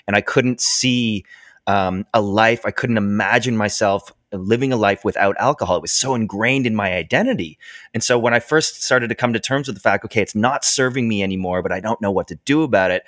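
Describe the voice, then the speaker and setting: A middle-aged man hosting a podcast, his low voice recorded dry and close. He talks in an enthusiastic, affirming way and turns reflective when he speaks of his own experience. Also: fairly quick, a bit bright, no echo. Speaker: podcast host. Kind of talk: casual conversational interview.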